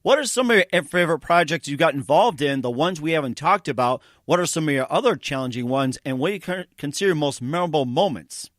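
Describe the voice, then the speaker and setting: Male interviewer, casual, quick short acknowledgements; dead-dry close sound. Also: a little high, expressive, no echo. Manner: brief encouraging interjections. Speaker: interview host.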